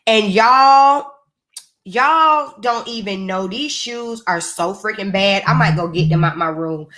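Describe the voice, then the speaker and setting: A woman with a mid-range, slightly bright voice speaks slowly while hosting her own live stream. She's playful and chatty in an easygoing register, addressing viewers directly as if they were friends.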